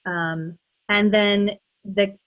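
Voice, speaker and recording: A woman's voice: medium pitch, steady tone, drawn-out words, fairly bright tone. A middle-aged woman, a dialect coach, talking casually in an interview, thinking aloud with frequent restarts and ums.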